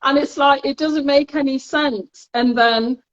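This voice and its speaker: Nottingham woman co-host, higher pitch, chatty and laughing, muffled low-fi recording. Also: steady tone, measured pace. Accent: Nottingham English. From Nottingham, England. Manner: chatty storyteller, laughs often. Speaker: podcast co-host. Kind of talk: casual chat.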